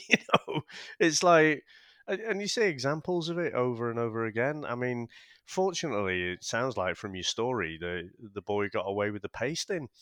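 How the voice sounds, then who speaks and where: A man's voice: medium pitch, a bit bright, no echo, clean studio sound. A man co-hosting a podcast, giving blunt, opinionated views in casual chat and swearing for emphasis. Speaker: podcast co-host.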